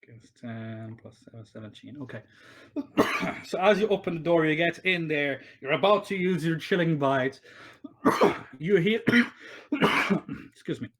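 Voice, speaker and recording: A man's voice: a little high, animated, a little slow, fairly bright tone. A man running a tabletop game over a voice call, narrating loosely with many fillers and restarts. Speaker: game master. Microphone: online voice call.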